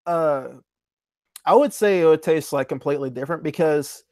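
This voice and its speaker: A man's voice: fairly high pitch, moderate pace, dry recording, studio quality. A man co-hosting a live stream in casual chat, swearing and laughing easily. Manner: profane, laughs a lot, lively.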